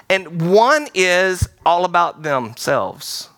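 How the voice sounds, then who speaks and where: A male pastor preaching with a bright, forceful voice that sits a little high. He is animated and playful, slipping into quoted voices and laughing as he goes. The sound is close and dry. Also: moderate pace, no echo. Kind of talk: sermon. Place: large theater-style church hall.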